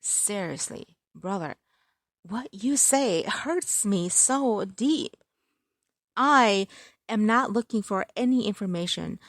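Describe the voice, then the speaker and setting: A woman's voice: mid-range voice, no room sound, clean studio sound, close to an everyday voice. A woman voicing a cocky, teasing rich young Englishman in a romance story, playful and mock-dramatic. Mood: coaxing.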